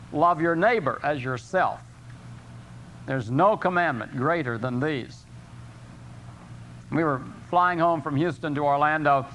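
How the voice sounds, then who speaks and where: An older man preaches a sermon, his voice sitting a little high for a man. He is earnest and slows right down to draw out scripture. A faint hiss of noise sits behind him. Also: a bit bright. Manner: earnest preaching, rising for emphasis, slow drawn-out scripture quotes. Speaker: pastor.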